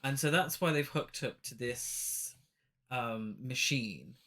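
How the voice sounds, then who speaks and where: A podcast co-host in casual chat, talking haltingly with many restarts and making dry, deadpan remarks about a film. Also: mid-range voice.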